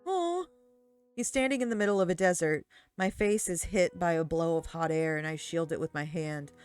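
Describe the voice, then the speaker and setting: A woman's voice: fairly low pitch, moderate pace, a little mellow, clear, resonant tone, no room sound, faint music behind. A young woman streamer reading a visual-novel game aloud with giggly, swearing commentary.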